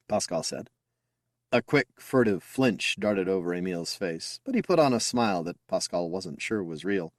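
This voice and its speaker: Low, expressive male story narrator. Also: moderate pace, dry recording, clean studio sound. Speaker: audiobook narrator. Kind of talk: scripted narration.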